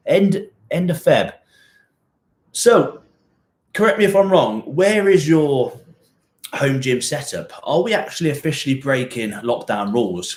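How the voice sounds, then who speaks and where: A man from Hereford with a Gloucestershire West Country twang and a touch of Welsh, hosting a fitness live stream from a cold home gym shed. He is jokey and rambling, laughs often, and chats casually as he reads out viewers' comments. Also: medium pitch. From England, born in Hereford. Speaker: fitness channel host.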